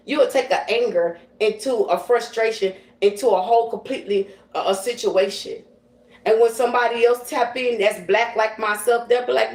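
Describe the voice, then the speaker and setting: Ranting on a livestream, a woman who presents as a psychic medium swears, picks fights, and leans on slang. She talks fairly quickly in a highish voice with a darkish tone, captured distantly in a roomy space.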